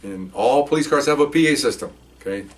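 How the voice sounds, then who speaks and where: Older retired cop storyteller, rapid and animated, recorded a bit away from the mic. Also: male voice, medium pitch, far from the mic. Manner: animated, laughs while telling, acts out voices. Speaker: retired police officer. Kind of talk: casual storytelling.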